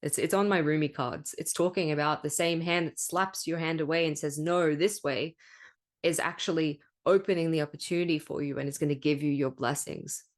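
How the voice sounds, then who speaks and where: Low-voiced woman hosting a spiritual podcast. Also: fairly even intonation, a little fast. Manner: candid and emphatic, swears freely, laughs often; spiritual coaching talk, rhetorical "right?". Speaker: podcast host. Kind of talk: casual spiritual monologue.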